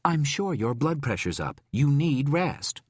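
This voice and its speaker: A firm, fed-up caretaker voiced by a male narrator who scolds curtly and won't budge. His voice is lifted well above the reader's low natural tone and sounds dry and close. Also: big pitch swings, measured pace, husky, dry recording, heavily acted. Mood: scolding. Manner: curt, scolding.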